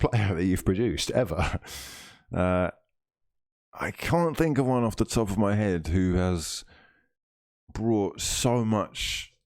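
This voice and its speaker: A man's voice: lowish voice, no echo, clean studio sound. A man hosting a live stream, reading viewer comments aloud in a playful, mock-grand way.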